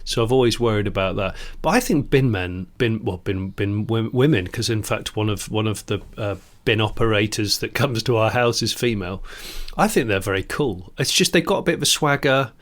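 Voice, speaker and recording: A man co-hosting a casual podcast chat, jokey and enthusiastic, quick to laugh. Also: on the low side. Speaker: podcast co-host.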